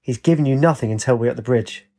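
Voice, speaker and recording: A man's voice: medium pitch, fast talker, warm tone, close to an everyday voice. A man voicing a frightened but stubborn young woman who speaks urgently. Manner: urgent, pleading.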